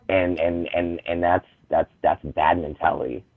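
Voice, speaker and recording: Impassioned low-voiced man on a phone-like line. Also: level tone, moderate pace, hardly any pauses, no echo. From United States. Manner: impassioned, emphatic, rises to loud indignation. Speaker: panel guest. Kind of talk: casual discussion. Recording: dry, tinny phone-like line.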